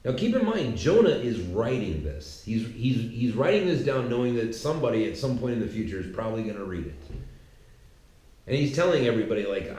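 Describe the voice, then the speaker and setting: A man casually retelling a Bible story in a slangy, animated, conversational way. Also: mid-range voice, brisk. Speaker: podcaster. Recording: echoey room.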